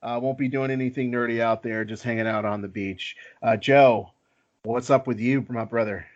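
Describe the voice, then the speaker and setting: A podcast host chats casually in a mid-range voice at normal speed with fairly even intonation. He comes across easygoing and self-deprecating, using lots of filler words, and the lo-fi audio sounds slightly dull.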